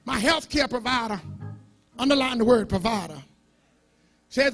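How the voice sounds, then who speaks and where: High-voiced impassioned male preacher. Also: normal speed, pauses often, faint music behind. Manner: impassioned call-and-response preaching, shouting into rhythmic chanting. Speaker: pastor. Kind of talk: sermon. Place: church sanctuary.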